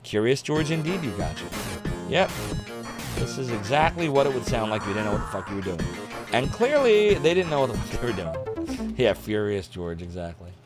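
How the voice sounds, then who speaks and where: A man's voice: lowish voice, animated, a little fast. A man streaming a retro game, joking, swearing and humming tunes as he plays, with game music behind. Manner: goofy and profane, hums and sings tunes. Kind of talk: casual live-stream commentary.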